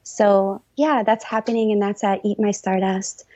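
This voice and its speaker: A woman's voice: medium pitch, fairly even intonation, moderate pace, dark tone, no echo. An eager, gushing woman speaks as a podcast guest, padding her thoughts with fillers. Her voice comes through dull and lo-fi. The sound is dry and close. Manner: enthusiastic, gushing, many fillers. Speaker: podcast guest, writer and course teacher. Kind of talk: casual interview chat.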